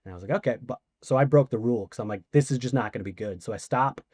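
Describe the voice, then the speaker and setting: A man guest on a podcast, casually telling a story, animated and swearing, acting out quoted voices. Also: mid-range voice, very fast, no room sound, clean studio sound.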